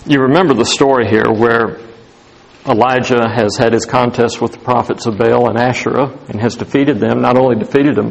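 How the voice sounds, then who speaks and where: A male pastor preaching a sermon with a gravelly, husky voice. He swings between emphatic raised lines and quiet, hushed ones. His voice sits at a middle pitch. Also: rough recording. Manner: animated, rising to emphatic highs then dropping to hushed tones.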